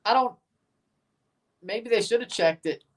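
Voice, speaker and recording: Slow-talking Southern man reacting live. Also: sits high, far from the mic. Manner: chatty, reads and answers live chat, exclaims at plays. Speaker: watchalong streamer. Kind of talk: live match reaction commentary.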